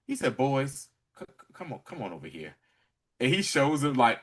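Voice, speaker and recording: A man's voice: fairly high pitch, moderate pace. A man co-hosting a casual podcast, retelling an episode with lots of laughter and acted-out lines. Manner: animated storytelling, acting out characters' lines; laughs often while talking. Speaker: podcast co-host. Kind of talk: casual recap chat.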